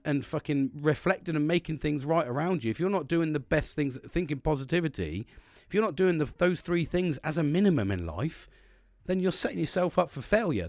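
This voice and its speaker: A man's voice: on the high side, a little mellow, no room sound. A man giving a casual motivational talk, rambling and earnest, with a lot of swearing.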